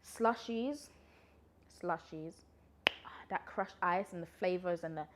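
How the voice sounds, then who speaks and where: Young woman vlogging, rambly and chatty, kinda breathless, voice on the low side. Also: takes it slowly, background noise. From London, UK. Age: 20s. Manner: chatty, rambling, laughs often. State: a little out of breath. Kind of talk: casual pregnancy Q&A vlog.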